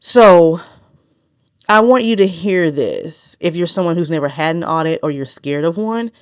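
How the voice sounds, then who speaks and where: A woman delivers a solo podcast monologue in a smooth, clear voice, recorded close and dry. She talks straight to her audience without sugarcoating. She deliberately keeps her pace measured even though she naturally tends to speak fast. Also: fairly low pitch, no room sound. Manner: direct and no-nonsense, consciously slowing a naturally fast delivery. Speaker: podcast host.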